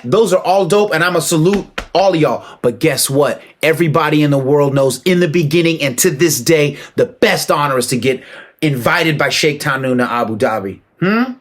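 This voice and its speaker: Speaking at a moderate pace in a fairly high voice, this male martial arts commentator offers a casual, forceful take. His monologue has a preachy feel, full of shout-outs and rhetorical questions aimed at the audience.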